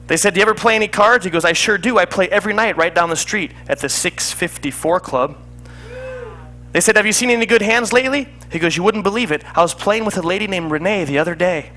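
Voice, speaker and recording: A comedy magician telling a joking story as patter for a card trick, chatty and laughing at himself. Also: male voice, high voice, bright, forceful tone.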